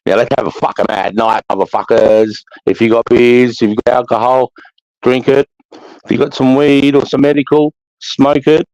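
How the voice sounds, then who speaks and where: A man's voice: medium pitch, fairly even intonation, normal speed, no room sound, muffled recording. Sweary Australian man hosting a livestream. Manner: sweary, matey shout-outs to chat. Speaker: livestream host. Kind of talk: casual livestream chat.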